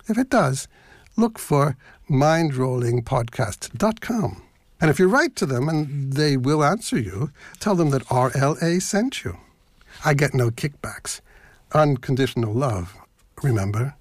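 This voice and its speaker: An older man hosts a reflective podcast, reading and unpacking poetry with a playful, self-mocking lilt. He is from Philadelphia, but only a faint trace of the accent remains. His voice sits at a middling pitch and is recorded close and dry, with no room sound. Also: expressive, a little slow, a little mellow, husky, dry recording. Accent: Philadelphia, mostly covered over. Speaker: podcast host.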